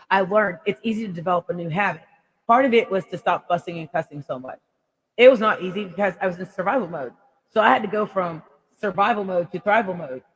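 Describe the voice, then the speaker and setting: A woman life coach giving an animated motivational radio talk, laughing often and acting out little quotes. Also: lowish voice, husky, long reverb tail, low-quality recording.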